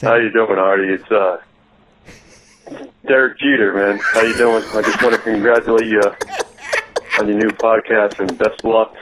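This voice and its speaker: A male caller doing a weak impression of a famous ballplayer on a phone voicemail, halting and barely changed from his own voice. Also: on the low side, level tone, fairly bright tone, slight background noise, lightly acted, poor audio. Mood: friendly.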